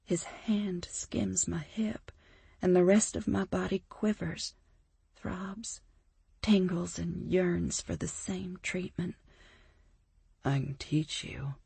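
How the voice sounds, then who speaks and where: Woman, audiobook narrator, first-person romance, expressive, low-ish voice, unhurried. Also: gravelly, slightly rough, no echo.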